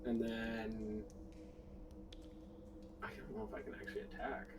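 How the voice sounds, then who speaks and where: A man's voice: on the low side, flat delivery, measured pace, distant mic, noisy background. A man playing a tabletop game, uncertain and thinking aloud as he plans his move. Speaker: player. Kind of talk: casual tabletop game talk.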